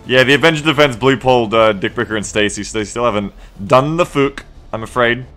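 A man's voice: mid-range voice, a little fast, fairly bright tone, faint music behind. Crude, goofy male game commentator. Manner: goofy, rambling, crude jokes. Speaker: gaming video creator.

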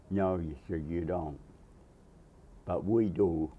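A man's voice: low voice, takes it slowly, long pauses, slightly rough, dull audio. A man in his nineties, a Navy veteran, telling a long rambling story in an oral history interview, chuckling and acting out the quotes. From Massachusetts, USA. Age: 90s.

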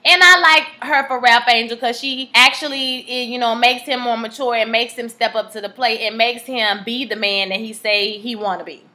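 Sassy lady chatting her show recap, high and bright. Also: steady tone, moderate pace, hardly any pauses. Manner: chatty, sassy, talks to viewers directly. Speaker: TV recap vlogger. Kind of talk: casual chat.

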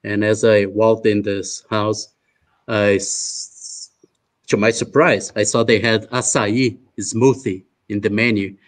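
Over a video call, a Brazilian man with a Brazilian Portuguese accent moderates an online roundtable, introducing the panelists in a hesitant, chatty manner packed with filler uhs. His voice sits fairly low, his tone stays level, and he takes it slowly.

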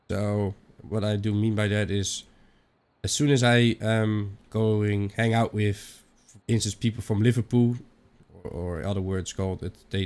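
A young Dutch-accented man talks his way through a game, rambling from one aside to the next. He swears casually. His voice sits a little low. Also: a little mellow. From Netherlands. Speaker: gaming channel host. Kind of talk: let's-play commentary.

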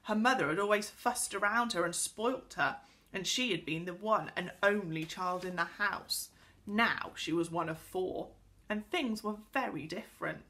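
A woman teacher reading a children's book aloud to pupils in an expressive storytelling voice. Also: medium pitch, unhurried. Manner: speaks directly to pupils.

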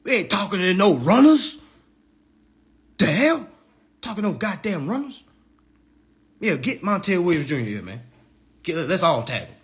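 A man hosting a comedic roast livestream, talking in an animated, profane way and laughing often. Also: high voice, normal speed, long pauses. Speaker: livestream host.

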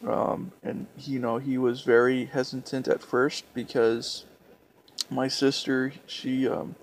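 Young adult male vlogger, gravelly tone, hesitant and tender delivery, faint background noise. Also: mid-range voice, little pitch movement. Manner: halting, hesitant, with many restarts. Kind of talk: personal reflective storytelling.

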